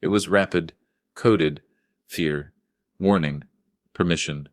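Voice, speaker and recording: Brief: deep-voiced male narrator, grave and forceful, dry close mic. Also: slow, long pauses, dry recording. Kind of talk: first-person dramatic story narration.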